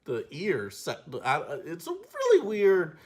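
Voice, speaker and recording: A man giving a casual film review in a slangy, animated way, often acting out scenes. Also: sits high, takes it slowly.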